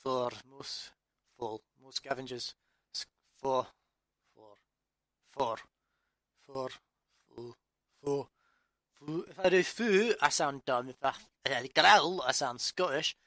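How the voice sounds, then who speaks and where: A man's voice: medium pitch, animated, takes it slowly, long pauses, a bit bright, dry recording. A man from England, reading his own story aloud and muttering at himself through repeated restarts. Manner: exasperated self-talk with constant restarts. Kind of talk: audiobook narration outtakes.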